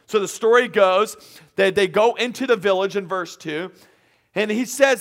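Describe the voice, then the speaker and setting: High-voiced preaching man. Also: moderate pace, a bit bright. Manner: emphatic preaching with repeated lines and acted-out quotes. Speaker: pastor. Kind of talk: sermon. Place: empty auditorium.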